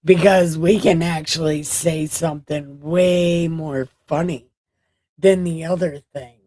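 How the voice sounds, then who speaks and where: Slow, rambling tired woman on a livestream. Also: low voice, fairly even intonation, dark tone, no room sound. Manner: rambling, joking, chatting to viewers. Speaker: livestream host. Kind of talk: late-night livestream chat.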